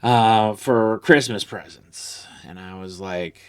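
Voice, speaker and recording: A man's voice: lowish voice, slow pace, smooth. A man ranting crudely about an ex, boastful, vulgar and rambling, as a comedy vlogger.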